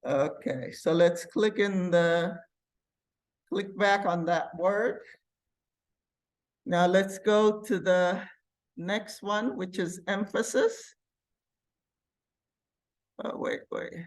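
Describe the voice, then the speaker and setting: A woman teaching a computer class, walking students through software step by step and thinking aloud as she clicks. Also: mid-range voice, extremely slow, long pauses. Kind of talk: live classroom software demonstration.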